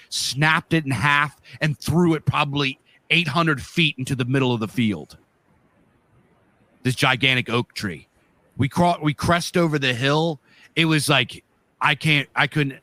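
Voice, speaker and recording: A man from the northeastern US cohosts a podcast and tells a story casually. His voice is bright and forward, and the sound is close and dry. He rambles vividly, with plenty of fillers and swearing. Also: a little high, no room sound. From northeastern US, Pennsylvania. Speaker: podcast co-host.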